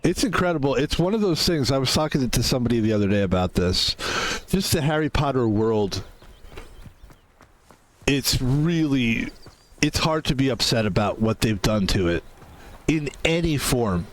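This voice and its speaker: A man's voice: mid-range voice, animated, normal speed, a little hiss or hum. A man casually commenting while playing a video game, rambling between jokes and swearing freely. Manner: rambling, profane, joking asides. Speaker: gaming YouTuber. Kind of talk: casual let's-play commentary.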